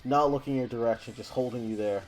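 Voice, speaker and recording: A man narrating as game master of a tabletop game, animated and quick to laugh. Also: medium pitch, faint music behind.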